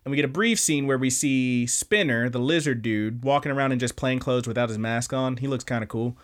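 A man's voice: medium pitch, brisk. A man chatting casually on a podcast, walking through the plot of an anime episode. He rambles, swears freely and trips over his own sentences as he goes. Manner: rambling, profane, self-interrupting. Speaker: podcast host. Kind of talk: casual anime recap chat.

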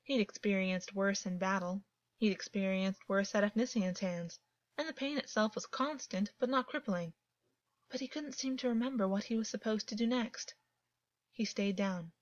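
A woman reading fiction aloud as a narrator, calm and even in her storytelling. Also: medium pitch, normal speed, dry recording. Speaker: audiobook narrator. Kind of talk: scripted narration. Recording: dull, dry, lo-fi.

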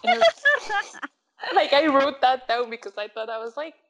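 A young woman with a fairly high voice chats her way through a movie recap. She acts out each line of dialogue and laughs often, in a loose and lively way. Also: measured pace, slight background noise, low-quality recording. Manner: animated storyteller who acts out quotes, laughs often. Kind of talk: casual chat recapping a movie.

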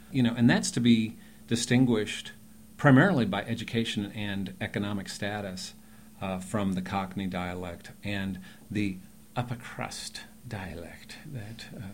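A low-pitched man who teaches acting, speaking in a relaxed podcast chat. He rambles easily and leans hard on certain words now and then, over a faint hiss. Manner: chatty and rambling, with emphatic bursts.

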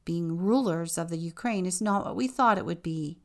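A greedy, demanding pair of peasant parents, as a woman reader puts them on, barking orders in a loud, commanding tone. The voice sits low and gravelly, and the lines come slowly.

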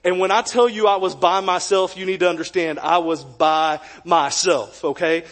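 Young male pastor, high-pitched and animated, joking through a sermon story. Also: moderate pace. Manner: animated, jokey storytelling with acted quotes. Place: church sanctuary.

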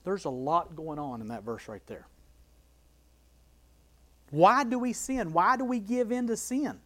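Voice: mid-range voice, lively intonation, unhurried. Bible study teacher; emphatic, repetitive delivery, rhetorical questions, walks through a verse line by line. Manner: emphatic, repeats key phrases, asks rhetorical questions.

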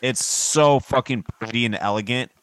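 A man's voice: mid-range voice, normal speed, a bit bright, clear, resonant tone, no echo. A man co-hosting a podcast, blunt and crude, with an offhand way of talking. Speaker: podcast co-host. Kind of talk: casual chat.

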